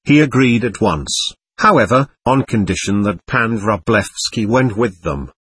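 Husky man narrating a novel. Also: fairly low pitch, expressive, a little slow, fairly bright tone, no echo. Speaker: audiobook narrator. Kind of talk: scripted narration.

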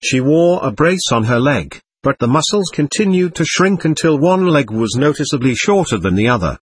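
Husky man reading a spiritual text. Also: on the high side, big pitch swings, no echo. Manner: measured, earnest storytelling. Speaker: narrator.

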